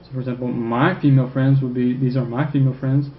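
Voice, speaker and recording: Male French teacher, mid-pitched voice, tags "okay?" after every point, dull lo-fi recording. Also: flat delivery. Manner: checks in with "okay?" constantly, repeats French phrases slowly. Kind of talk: recorded classroom lecture. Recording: echoey room, dull lo-fi sound, faint noise.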